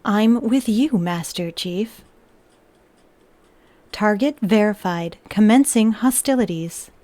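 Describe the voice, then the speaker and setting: A woman putting on a stiff robot voice, speaking commands slowly and flatly during a livestream voice game. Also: medium pitch, no echo, close to an everyday voice. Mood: robotic.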